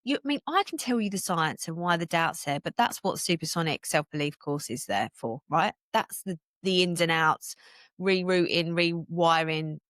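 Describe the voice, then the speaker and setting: A woman from the UK hosting a solo business podcast, talking in an energetic, emphatic, motivational way and laughing often. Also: fairly low pitch, moderate pace, dry recording, clean studio sound. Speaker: podcast host and business coach.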